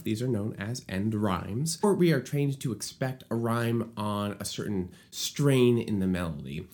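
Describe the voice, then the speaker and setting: A man's voice: mid-range voice, a little mellow. A man explaining lyric writing for musical theater in an enthusiastic, playful teaching style. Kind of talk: explanatory video lesson.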